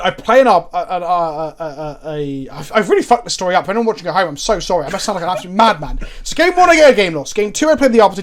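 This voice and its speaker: High-voiced man, rambling chat. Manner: rambling, swears, self-mocking, frequent restarts. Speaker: card game player and co-host. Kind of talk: casual gameplay chat with anecdotes.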